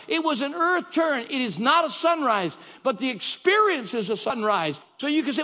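A man's voice: very high-pitched, lively intonation, moderate pace, hardly any pauses, pushed and bright. A man preaching a sermon in a church sanctuary, talking in an emphatic, repetitive, exhorting way. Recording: dull echoey church hall.

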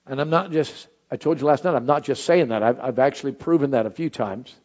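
A male pastor preaching a sermon, swinging from loud, high shouted phrases to soft, low, intimate ones. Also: brisk, highs cut off.

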